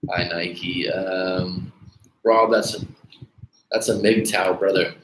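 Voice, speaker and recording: Low-pitched, steady, and slightly bright, a man speaks slowly as he hosts a dating coaching livestream. He chats bluntly with viewers over their comments, swearing liberally and calling them dude, in an echoey room with faint background noise.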